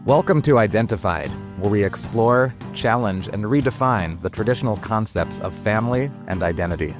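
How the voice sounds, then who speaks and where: A man with a very deep voice hosts an interview show. He speaks calmly and in a measured way as he introduces the episode and asks his guest questions. Music plays clearly behind him. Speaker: podcast host.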